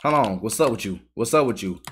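A man commentates his own match into a desk mic, his voice leaping up and down as he trash-talks and curses. He is excitable throughout. Soft keyboard typing is faintly heard underneath. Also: fairly low pitch, fast talker, slight background noise. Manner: trash-talking, excitable, swears a lot. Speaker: gaming YouTuber. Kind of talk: live gameplay commentary.

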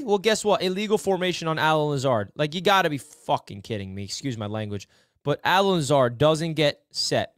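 Excitable man breaking down game film. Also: moderate pace, dry recording, studio quality. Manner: excitable, swings from low muttering to shouting. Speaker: sports film breakdown host. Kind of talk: casual football commentary.

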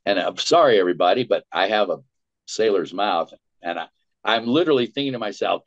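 A man's voice: fairly low pitch, a little fast. An older man, a voice actor, telling an anecdote in an interview and acting out the lines he quotes. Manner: lively storyteller, acts out quotes and cackles. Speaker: voice actor guest. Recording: dull lo-fi sound.

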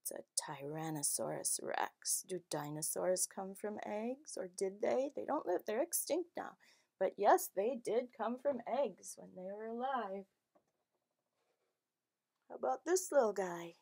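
A woman's voice: mid-range voice, a little slow, vocal fry, mellow. A woman teaching young children at home, asking questions in a sing-song way and gasping at each reveal. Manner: sing-song, exaggerated questions and gasps for kids. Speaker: children's storytime presenter.

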